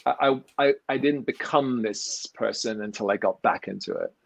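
A man's voice: on the low side, moderate pace, gravelly, no echo. A man, an actor and magician, chatting as an interview guest over a video call and telling rambling, self-mocking stories with lots of restarts. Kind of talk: casual interview storytelling. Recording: dull lo-fi video call audio.

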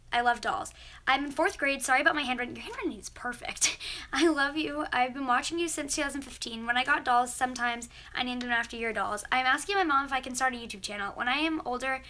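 Chatty high-voiced teenage girl. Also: pushed and bright, a little hiss or hum. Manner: chatty, gushing, reads letters aloud. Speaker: vlogger. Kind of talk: casual mail-opening vlog.

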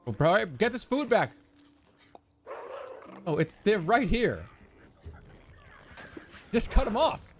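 A man streaming a strategy game, excitable and swearing, yelling commands at his units. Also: sits high, slow pace, long pauses, soft background music. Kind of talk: live gameplay commentary.

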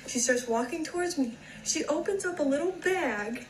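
A young woman telling a story in a casual, animated way. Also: high voice, moderate pace, few pauses. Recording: echoey room, faint noise.

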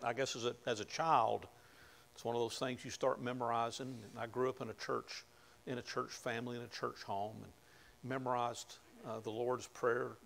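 A man delivers a sermon in a conversational style. His voice is mid-pitched with a gravelly texture. He drifts between quiet, intimate stretches and sudden emphatic bursts. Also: a little hiss or hum. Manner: conversational preaching, swings from hushed to emphatic. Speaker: pastor.

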